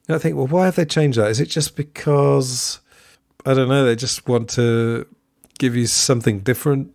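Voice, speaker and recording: A man's voice: medium pitch, steady tone, moderate pace, vocal fry, darkish tone, dry recording, studio quality. A man hosting a podcast, talking through a film review in a musing, digressive way with asides. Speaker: podcast host. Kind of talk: solo film review commentary.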